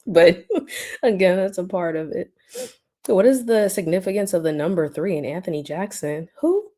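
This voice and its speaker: A woman hosts a casual livestream, answering her chat with teasing, mocking remarks and laughing often. Her voice sits low and mellow, at a moderate pace.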